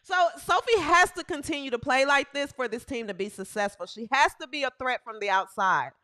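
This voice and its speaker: This woman's comedic women's basketball show has her narrating game highlights with an animated, slightly fast, bright and forceful tone. She laughs a lot, exclaims, and says lines again to stress them.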